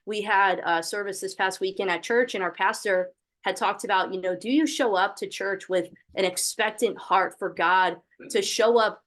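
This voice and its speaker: A young woman with a mid-range, fairly bright voice hosts an online training call, speaking at normal speed with fairly even intonation. Her motivational pep talk is encouraging and full of faith-filled fervor.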